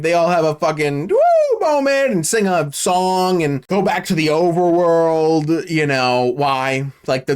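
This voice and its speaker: A man giving a casual, sarcastic film recap and review on his channel, swearing freely as he tells the story. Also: on the high side. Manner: sarcastic, profane, animated storytelling.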